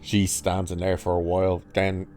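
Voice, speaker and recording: A man with a low, dark, mellow voice recaps a TV episode in a loose, casual way. He is sarcastic and mocking throughout, swearing freely as he picks apart the plot. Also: monotone, normal speed, faint music behind. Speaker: reviewer.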